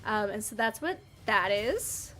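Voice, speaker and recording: A woman streaming and chatting casually with her viewers, playful and animated, answering chat with mock outrage and quick laughs. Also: medium pitch.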